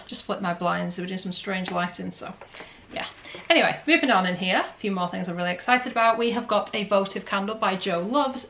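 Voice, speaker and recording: A woman's voice: mid-range voice, a bit bright. A woman, chatting candidly as she unboxes and reviews beauty products for her vlog. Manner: chatty, candid, rambling asides. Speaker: beauty vlogger.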